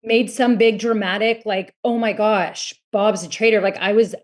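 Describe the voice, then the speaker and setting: A woman's voice: mid-range voice, fairly even intonation, normal speed. Chatty woman guest telling a story. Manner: chatty, filler-heavy storytelling. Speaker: podcast guest. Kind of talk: casual chat.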